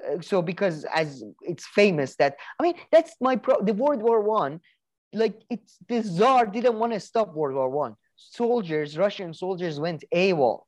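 A man's voice: high-pitched, lively intonation, a little slow, darkish tone. Rambling man with many restarts. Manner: rambling, many restarts and fillers, swears casually. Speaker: podcast co-host. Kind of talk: casual chat.

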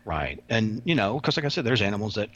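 Rambling male interview guest, husky tone, dull lo-fi recording. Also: fairly low pitch, sing-song, quick pace, a bit bright. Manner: rambling, repeats words. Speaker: interview guest, former prison officer. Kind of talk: casual interview storytelling. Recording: dull lo-fi sound.

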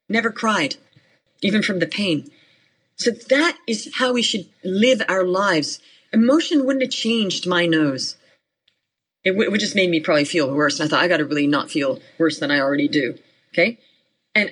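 A woman's voice: medium pitch, fairly bright tone, slightly rough, low-quality recording. A middle-aged woman business coach, a podcast guest, talking in an emphatic, matter-of-fact way in short, punchy commands. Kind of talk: motivational interview talk.

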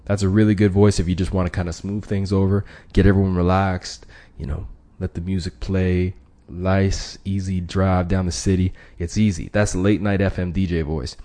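Brief: male podcast host, lowish voice, casual slangy explainer. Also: flat delivery, normal speed, dark tone. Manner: conversational, many restarts, slangy. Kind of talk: casual instructional talk.

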